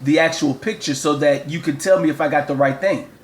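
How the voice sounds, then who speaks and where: A man's voice: fairly high pitch, a little fast, noisy background. A man, a father and show host, rambling through a comic phone call and repeating himself as he lectures.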